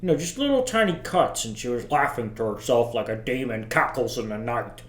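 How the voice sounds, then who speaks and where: An actor playing a bitter, self-pitying middle-aged father who rambles crudely to his son in a deadpan comedy monologue. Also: medium pitch, a little fast, natural voice. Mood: rambling. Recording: roomy echo.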